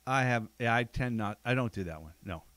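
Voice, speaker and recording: A man's voice: medium pitch, expressive, a little fast, a bit bright, no echo. A man hosting a casual podcast chat, a blunt storyteller who swears freely. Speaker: podcast host, jiu-jitsu black belt.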